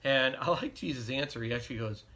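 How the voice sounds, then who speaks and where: A man's voice: medium pitch, fast, bright, forceful tone. A middle-aged man, a pastor, giving a devotional sermon in an earnest, conversational storytelling way.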